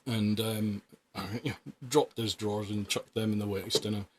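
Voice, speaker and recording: A British man with a lower voice hosts a relaxed chat, wry and quick to chuckle. Faint noise sits under the recording. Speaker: podcast host. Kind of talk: casual storytelling chat.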